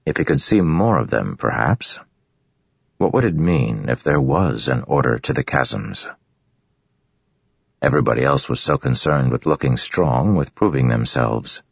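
A man reading a fantasy audiobook in a steady, even storytelling manner, on a dull recording. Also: a bass voice, unhurried, gravelly, breathy edge, no room sound. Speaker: audiobook narrator. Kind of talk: scripted fantasy narration.

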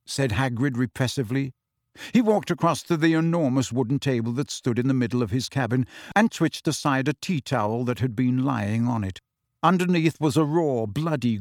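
A man narrating an audiobook in an expressive storytelling voice. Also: medium pitch, moderate pace, no room sound, clean studio sound.

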